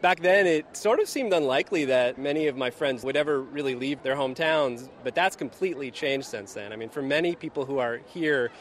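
A man reporting for the radio from outdoors at a busy expo, describing the scene in a relaxed way with fillers. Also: medium pitch, brisk, few pauses, slight background noise. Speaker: reporter, bureau chief.

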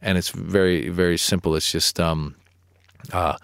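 A middle-aged male comedian telling stories in an interview, animated and acting out his own replies. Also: a little slow, creaky, clean tone, no room sound, clean studio sound. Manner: animated storyteller, acts out his own protests in a higher voice. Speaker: comedian guest. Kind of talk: storytelling interview chat.

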